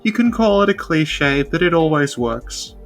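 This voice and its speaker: A woman's voice: sits low, expressive, measured pace, faint music behind. A woman co-hosting a casual podcast, recapping with dry sarcasm and frequent laughs. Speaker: podcast co-host.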